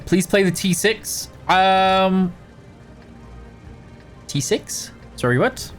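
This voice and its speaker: A man's voice: sits high, very slow, faint music behind. A man hosting a game livestream, reading out chat questions and answering them casually, tired and yawning. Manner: reads chat questions aloud, answers offhand with fillers. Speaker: livestream host answering chat while playing.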